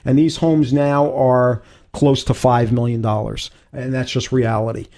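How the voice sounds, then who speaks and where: A man hosting a radio real estate show, pitching a listing with emphatic enthusiasm. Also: level tone, measured pace, warm tone. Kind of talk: casual radio talk show.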